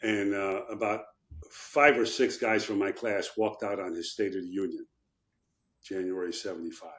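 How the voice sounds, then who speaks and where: A man's voice: deep voice, fairly even intonation, normal speed, fairly bright tone, echoey room. An older man from Chicago, a former congressman, tells anecdotes in a podcast interview and acts out the quotes with animation. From Chicago, USA.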